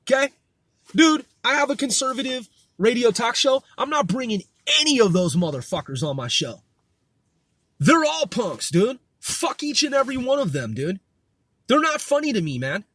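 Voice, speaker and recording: A man's voice: very high-pitched, big pitch swings, normal speed, a bit bright, breathy edge. A man hosting his own podcast, ranting with heavy profanity and repetition, filling nearly every line with "dude" and "man". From United States. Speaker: podcast host. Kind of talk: profane political rant.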